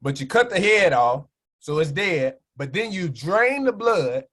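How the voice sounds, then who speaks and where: Animated preachy man. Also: sits high, unhurried. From Chicago, USA. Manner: animated, keeps asking "right?" for agreement. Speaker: minister and wellness speaker on a livestream. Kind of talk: preachy health talk to a live chat.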